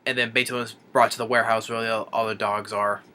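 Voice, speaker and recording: A man's voice: on the low side, level tone, fast, pushed and bright, a little hiss or hum. A man reviewing a film, retelling the plot in a rambling, casual way with many restarts and chuckles.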